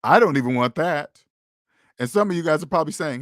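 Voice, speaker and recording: A man's voice: a little high, fast, fairly bright tone, dry recording, clean studio sound. A man hosting a finance channel, talking to viewers in a casual, emphatic monologue full of rhetorical questions and repeated "okay?".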